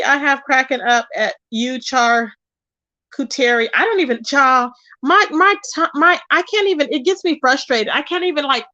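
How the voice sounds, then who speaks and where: High-voiced chatty woman streamer. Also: lo-fi sound. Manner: animated, chatty, calls viewers "child" and "baby". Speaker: livestream host reading chat. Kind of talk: casual chat.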